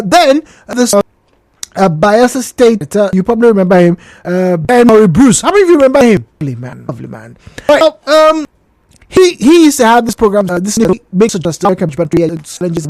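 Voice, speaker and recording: A woman with a Nigerian accent hosting a radio talk show, opening it with a lively monologue and questions for the listeners. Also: mid-range voice, no echo. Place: radio studio. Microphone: studio microphone.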